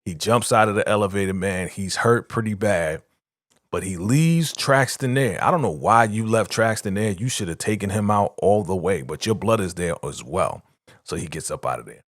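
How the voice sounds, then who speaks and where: A young man, host of a reaction channel, retelling a TV episode in excited, slangy casual chat. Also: fairly low pitch, normal speed, dry recording, clean studio sound.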